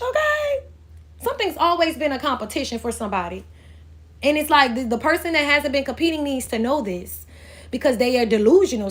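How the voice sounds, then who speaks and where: This woman's voice is high-pitched with a fairly bright tone. Working as a spiritual reader, she offers a loose astrology reading full of bluntness, swearing, and tangents, seemingly passing along spirit messages.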